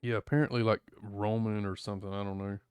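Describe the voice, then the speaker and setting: A man's voice: lowish voice, little pitch movement, fast, a little mellow, clear, resonant tone, no echo. A man streaming in a rambling, laid-back chat full of fillers, going over his travel photos. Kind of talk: casual chat.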